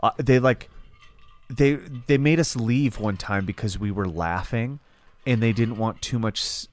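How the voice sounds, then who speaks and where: A man's voice: on the low side, unhurried. A man co-hosting a podcast in casual, profane chat, telling stories with exaggerated voices. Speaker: podcast co-host.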